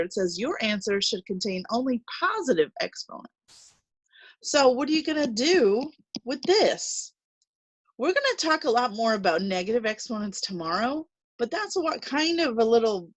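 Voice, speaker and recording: A woman's voice: a little high, no room sound, poor audio. Chatty woman teaching math, thinking aloud. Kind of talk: recorded math lesson.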